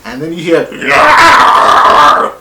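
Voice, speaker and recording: A man giving a casual spoken TV review, excitable and profane, rambling from point to point. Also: fairly high pitch, moderate pace, echoey room, heavy background noise. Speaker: TV show reviewer.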